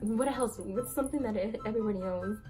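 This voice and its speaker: A young woman telling a storytime in casual chat, giggly and excitable, with lots of fillers. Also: mid-range voice, quick pace, faint music behind. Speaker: vlogger.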